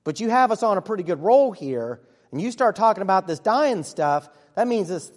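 A man playing an earnest, excitable disciple who tells his own story in a church monologue, chatty with sudden hushes and bursts. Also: high voice, moderate pace. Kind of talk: first-person dramatic monologue. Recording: long reverb of a large hall.

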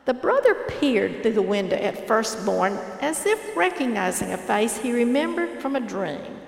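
A woman reading a parable aloud in a measured, earnest storytelling manner. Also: fairly high pitch, sing-song, creaky. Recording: echoey hall reverb.

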